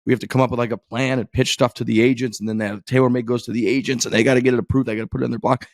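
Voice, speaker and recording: A man co-hosting a golf podcast, telling a long story in an animated, profane way and acting out other people's lines. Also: mid-range voice, very fast, dry recording. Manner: animated, profane, quotes others in his stories. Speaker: podcast co-host. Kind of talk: casual storytelling chat.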